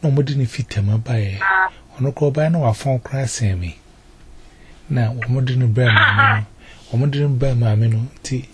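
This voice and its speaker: A man's voice: medium pitch, moderate pace, heavy background noise. A man giving a personal testimony, repeating himself and mixing English words into his talk. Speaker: testimony giver.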